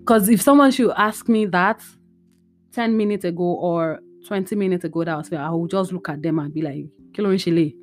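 A young woman speaks to her listeners in a personal, heartfelt monologue. Her voice sits a little low, and she talks in an open, chatty way with plenty of fillers. Faint guitar music plays softly behind her. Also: a little fast. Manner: candid, emotional, chatty with many fillers. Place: her bedroom at home.

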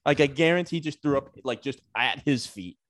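A man's voice: mid-range voice, brisk, dry recording. A man casually telling a comic, profane story on a podcast, acting out the people in it. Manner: animated, profane, acts out quoted voices.

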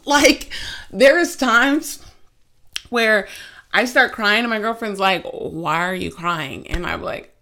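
A woman in her twenties hosting a casual podcast, telling stories in an animated, giggly way with sudden loud outbursts. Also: mid-range voice, slow pace. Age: 20s. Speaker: podcast host. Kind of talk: casual chat.

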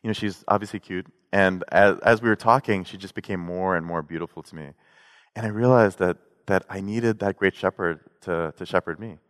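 A man giving a sermon in a relaxed, conversational way, mixing in jokes and personal stories. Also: sits low, brisk. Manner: conversational, joking storytelling. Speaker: pastor. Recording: long hall reverb.

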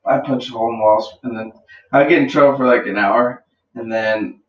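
A young man chatting casually as a podcast co-host, swearing often and getting loud as he tells stories. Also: mid-range voice, fairly quick. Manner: animated, swears a lot, yells when acting out stories. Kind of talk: casual chat. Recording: echoey room, dull sound.

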